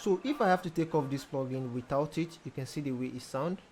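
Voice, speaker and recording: A young man, a music producer casually talking through a tutorial step by step, pausing often with ums. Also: medium pitch. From Nigeria. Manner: relaxed, hesitant with frequent ums, explains step by step. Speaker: music producer teaching mixing. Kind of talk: casual screen-recorded tutorial.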